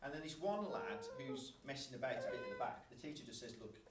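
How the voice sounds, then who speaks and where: A man telling a lively personal story at a church gathering, laughing often. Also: a little high, over loud music. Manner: animated, laughs often, fast and chatty. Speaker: church member sharing a story. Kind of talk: casual storytelling testimony. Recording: echoey hall from a distance, faint noise.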